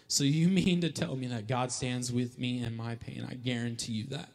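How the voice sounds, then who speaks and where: A male pastor preaching a sermon emphatically, repeating key lines and building to loud calls. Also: mid-range voice, moderate pace, gravelly, hardly any pauses. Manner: emphatic, repeats lines for effect, rising to shouts. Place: church hall. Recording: long hall reverb.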